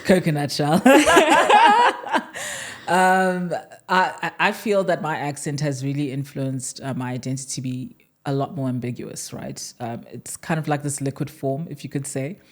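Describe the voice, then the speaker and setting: Very low-voiced South African woman, chatty and laughing. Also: lively intonation, unhurried. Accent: South African with a slight American tinge. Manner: chatty, laughs often, many fillers and restarts. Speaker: podcast guest. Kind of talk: casual podcast chat.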